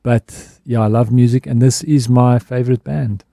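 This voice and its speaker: Guesting on a radio show, a South African man who works as an advertising executive talks in a candid, thoughtful way, frequently starting phrases over. His voice is medium-pitched, warm and creaky, with fairly even intonation and a moderate pace. The studio microphone gives clean sound with no echo in the radio studio.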